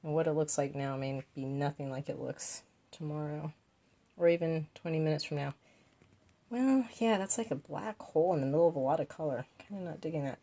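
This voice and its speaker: A woman with a deep, mellow voice vlogs her painting as a craft vlogger, casually thinking through her choices aloud and slipping in playful asides.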